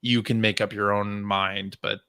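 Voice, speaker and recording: A man's voice: on the low side, level tone, measured pace, pushed and bright, clear, resonant tone, dry recording, clean studio sound. A man hosting a casual gaming podcast, upbeat as he brings up new topics. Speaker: podcast host. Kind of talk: casual chat.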